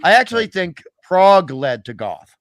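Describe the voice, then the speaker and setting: Brief: male guest, wry and opinionated, a touch high, dry close sound. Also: sing-song, moderate pace, no echo. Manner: opinionated, wry, many restarts. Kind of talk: casual podcast chat.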